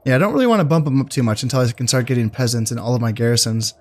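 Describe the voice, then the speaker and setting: A man casually commentating his strategy game, thinking aloud in a relaxed, musing way with fillers. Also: medium pitch, very fast. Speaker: gameplay commentator. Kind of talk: casual let's-play commentary.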